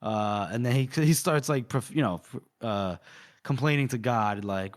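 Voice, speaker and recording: A man co-hosting a podcast, casually retelling a novel's scenes with lots of fillers and quick quoted lines. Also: mid-range voice. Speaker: podcast co-host. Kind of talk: casual book-discussion chat, retelling scenes.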